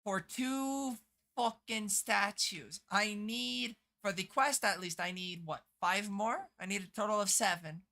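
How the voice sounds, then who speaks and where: Bright-voiced woman game streamer. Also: mid-range voice, unhurried. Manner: chatty, swears freely, answers chat. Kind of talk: casual live-stream chat.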